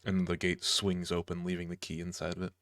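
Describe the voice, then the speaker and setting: A man's voice: deep voice, completely flat delivery, fairly quick, fairly bright tone, dry recording, clean studio sound. A man narrating a tabletop game as game master, casual and hesitant with many fillers.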